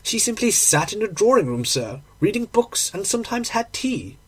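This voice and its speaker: A man doing a high, eager landlady. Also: very animated, normal speed, husky, heavily acted. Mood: protesting. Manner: eager, deferential. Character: chatty respectful older London landlady.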